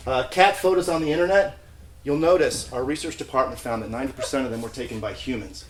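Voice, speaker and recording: A man improvising a comic business pitch in a mock-earnest corporate tone, chuckling now and then. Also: fast, slight background noise. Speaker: pitch presenter. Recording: echoey room.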